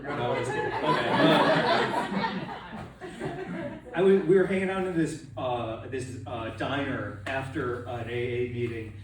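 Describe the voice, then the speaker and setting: A man's voice: mid-range voice, measured pace, noisy background. A man doing a stand-up comedy set, rambling and self-deprecating, often trailing off mid-thought. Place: comedy club with live audience. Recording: echoey room, mic from a distance, loud crowd laughter.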